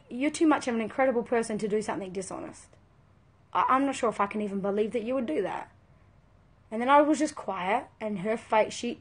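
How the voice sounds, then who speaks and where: A woman with a high, bright-sounding voice speaks as a parenting coach to her live viewers. She talks in a conversational, earnest way and leans hard on her key points. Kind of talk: live video talk to viewers.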